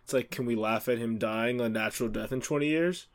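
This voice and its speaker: A man's voice: mid-range voice, a little fast. Opinionated man in casual chat. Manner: opinionated, laughs along, restarts sentences.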